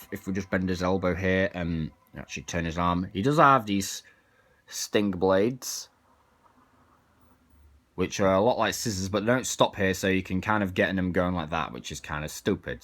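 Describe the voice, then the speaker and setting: A man's voice: on the low side, sharp tone. A man casually reviewing an action figure, chatting as he demonstrates its parts. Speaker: toy reviewer.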